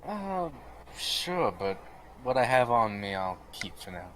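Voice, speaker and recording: A man's voice: medium pitch, sing-song, a little slow, fairly bright tone, slight background noise, poor audio. A man playing a tabletop game, speaking hesitantly with many "uh"s and a wry tone. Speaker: player. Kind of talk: casual tabletop play. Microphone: home mic on a livestream.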